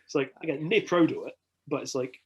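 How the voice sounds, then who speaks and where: A man with a Scottish accent, swearing freely as he tells animated anecdotes in a casual podcast chat. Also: fairly high pitch, fairly quick, husky, muffled recording.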